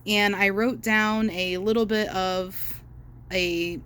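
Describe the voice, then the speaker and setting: A woman's voice: medium pitch, steady tone, slow, fairly bright tone, clean tone. A young woman chatting casually as she walks through a crochet project at home, with lots of fillers and self-corrections. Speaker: crochet vlogger. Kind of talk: casual how-to chat while crocheting.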